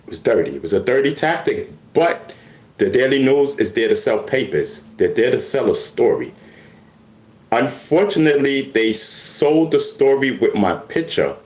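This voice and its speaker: A medium-pitched male voice at normal speed chats to the camera, recorded in a room with echo. His storytelling is lively but keeps stalling, with frequent stammers and fresh starts.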